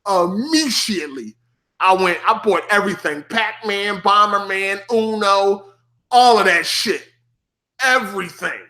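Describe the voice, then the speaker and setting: A man streaming, telling a gaming story casually, with heavy slang and cursing, acting out his younger self in a higher, excited voice. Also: measured pace.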